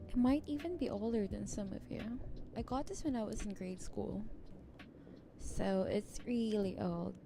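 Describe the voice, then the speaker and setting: Slow, soft-spoken giggly woman streamer. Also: medium pitch. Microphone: close ASMR microphone. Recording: clear background music underneath. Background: background music.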